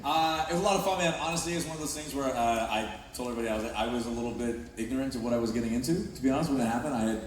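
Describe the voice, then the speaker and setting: A man's voice: mid-range voice, rapid-fire, few pauses, crowd noise. A man on a convention panel answering modestly and offhandedly. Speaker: panel guest actor. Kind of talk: casual anecdote on a convention panel. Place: large convention hall with an audience. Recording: echoey hall recording from far off.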